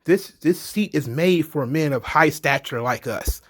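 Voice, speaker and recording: A man's voice: fairly high pitch, a little slow. A man voicing a pushy, scheming TV network owner who makes demands and throws insults. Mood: demanding.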